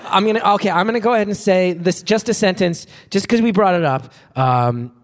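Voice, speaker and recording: A man's voice: high voice, fairly quick, in a large hall. A man hosting a live podcast, chatty and self-deprecating, often restarting his sentences. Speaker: podcast host. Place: live venue before an audience.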